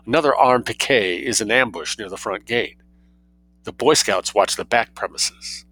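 A man voicing a suave, mischievous young man who spins outrageous tales with cool calm. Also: fairly low pitch, normal speed. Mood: sly, unruffled.

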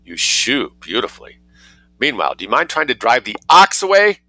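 A man's voice: medium pitch, sing-song, normal speed, no room sound, soft background music, voice pushed up, low-quality recording. A man voicing a prim, indignant lady who scolds sharply in a storybook reading. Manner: haughty, sharp-tongued, easily outraged.

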